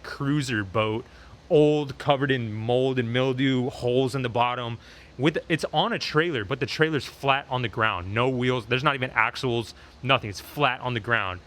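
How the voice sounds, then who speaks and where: Young male vlogger, middle-pitched, casual storytime delivery heavy on "like," lapel mic. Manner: animated retelling with frequent fillers. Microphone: lapel mic on shirt.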